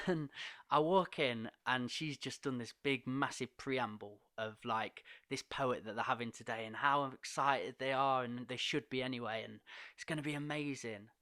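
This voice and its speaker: Male podcast guest, animated storyteller, bright tone, dry close sound. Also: mid-range voice, moderate pace, dry recording. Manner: animated, laughs often while telling a story. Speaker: podcast guest, poet and coach. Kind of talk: casual storytelling.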